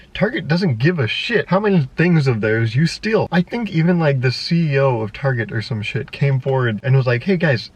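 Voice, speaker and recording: A man's voice: medium pitch, slightly rough, no echo, highs cut off. A young man vlogging in a rambling, exasperated way, laughing often and swearing freely. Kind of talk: casual unscripted monologue to camera.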